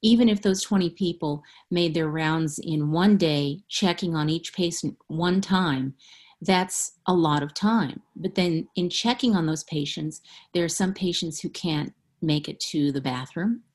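A woman's voice: low voice, a little slow. A middle-aged woman, an author being interviewed, speaking candidly and frankly and laughing often. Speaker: author guest. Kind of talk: interview conversation.

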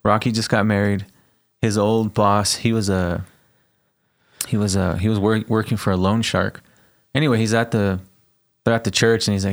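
A man's voice: lowish voice, flat delivery, moderate pace. A man co-hosting a music podcast, chatting casually, swearing and retelling movie scenes with animation. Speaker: podcast co-host. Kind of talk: casual chat.

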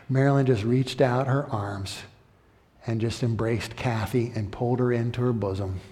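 A male pastor preaches a sermon and builds to loud, emphatic peaks. His voice sits at a middle pitch for a man. It echoes through a long-reverb church hall. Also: steady tone, moderate pace.

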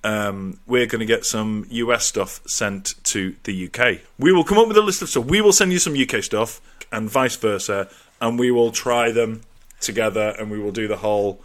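A man's voice: lowish voice, moderate pace, a bit bright. An English man co-hosting a comedy podcast, bantering and swearing freely. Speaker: podcast co-host. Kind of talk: casual banter.

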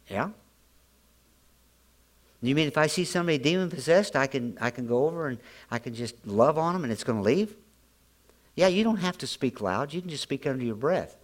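A man's voice: on the high side, expressive, brisk, pauses often. A middle-aged man preaching a sermon as pastor, telling stories in a folksy way, often repeating and restarting his words.

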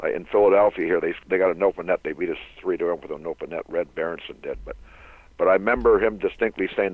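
A man's voice: deep voice, fast talker, no room sound. An older man from Canada, a former hockey player, telling long anecdotal stories as an interview guest, laughing often. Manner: rambling anecdotal storyteller who laughs often. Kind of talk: storytelling interview. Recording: tinny phone-line sound.

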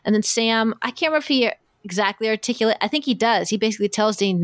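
A woman's voice: a little high, fast, no room sound, clean studio sound. A woman co-hosting a casual chat, animatedly retelling a story and quoting characters, swearing casually. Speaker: podcast co-host. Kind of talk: casual chat about fan fiction.

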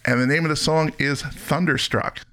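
A man's voice: a little high, steady tone, moderate pace, a bit bright. A middle-aged man hosting a podcast, chatting casually and enthusiastically about music and laughing often. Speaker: podcast host.

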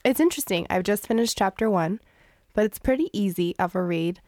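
A woman's voice: medium pitch, expressive, brisk, a little mellow, no room sound. A nasally congested woman chats on a podcast mic in a bone-dry room. She is chatty and laughs easily, talking loosely about what she has been reading. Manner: chatty, laughs often, sings playful jingles. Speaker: podcast co-host. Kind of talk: casual podcast chat. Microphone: studio microphone.

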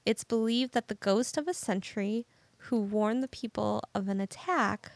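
A woman's voice: mid-range voice, a little slow, vocal fry, no room sound. A woman co-hosting a casual podcast, telling stories in a giggly, rambling way. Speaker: podcast co-host. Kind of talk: casual chat.

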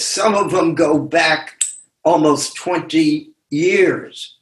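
Slow, deliberate older man reading aloud. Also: on the high side, fairly bright tone, roomy sound. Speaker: speaker reading his own essays. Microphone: video call.

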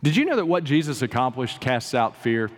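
A man preaching a sermon as pastor, with dramatic swings between soaring emphasis and hushed, drawn-out lines. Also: mid-range voice, very animated. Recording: long reverb of a large hall.

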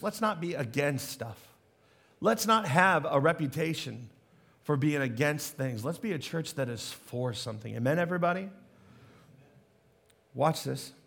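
A man's voice: high-pitched, fairly bright tone. A male pastor preaching a sermon, conversational and emphatic, with humorous asides.

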